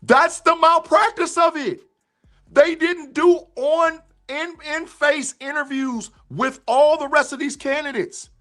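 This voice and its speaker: A man's voice: very high-pitched, slow pace, sharp tone. A man streaming a heated football rant, repeating his points and answering chat viewers by name. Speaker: sports streamer reacting to live chat.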